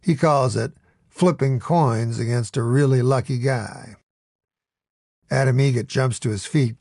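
A man's voice: medium pitch, steady tone, measured pace, creaky, a little mellow, husky, no room sound, clean studio sound. A man narrating a first-person audiobook story in a wry, storytelling manner.

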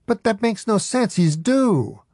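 A man voicing a nervous, excitable male sidekick who pleads and insists in a spoken story. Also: high voice, measured pace, dry recording, clean studio sound, pitched above the performer's own voice. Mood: excited.

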